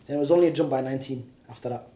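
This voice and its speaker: A man's voice: medium pitch, racing, warm tone. A man hosting a football podcast, reading out poll results and keeping his co-hosts in line. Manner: bossy, reins in the others. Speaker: podcast host. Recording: roomy echo.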